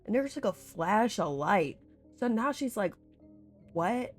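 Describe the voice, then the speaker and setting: A woman's voice: mid-range voice, big pitch swings, unhurried, husky, soft background music. A woman vlogger recapping a series in casual, rambling chat, full of filler words. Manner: chatty and rambling, full of "like", with laughs and swearing.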